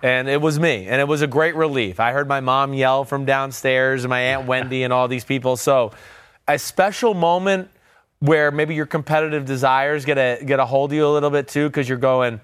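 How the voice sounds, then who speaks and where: A former NFL quarterback in his 40s, appearing as an interview guest, tells stories in casual conversation and acts out other people's quotes. His medium-pitched voice is steady, slightly bright, and clean at a moderate pace, recorded in a completely dry studio with no echo.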